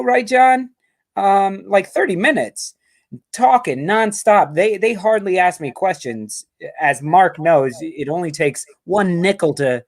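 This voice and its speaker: Chatty joking man hosting a stream. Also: high-pitched. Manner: talks nonstop, joking and rambling. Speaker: host of a fan show. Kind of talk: casual live-stream chat. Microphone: video call.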